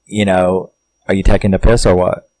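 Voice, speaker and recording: A man's voice: low-pitched, level tone, moderate pace, darkish tone, no echo, lightly acted, low-quality recording. A man doing a sneering villain doctor. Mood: taunting. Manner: sneering, cursing taunts. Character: mocking male villain doctor.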